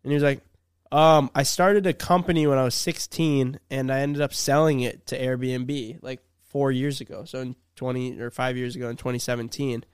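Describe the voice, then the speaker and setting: Young man, casual storyteller, smooth clear voice, dry close sound. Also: medium pitch, level tone, normal speed, dry recording. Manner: laid-back storyteller, acts out quotes. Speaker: YouTuber. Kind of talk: casual podcast chat.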